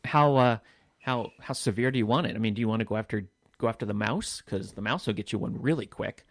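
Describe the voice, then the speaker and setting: Animated male storyteller on a podcast. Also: fairly low pitch, fast talker, no room sound, studio quality. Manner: animated storyteller, acting out quoted voices. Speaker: podcast co-host. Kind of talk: casual storytelling chat.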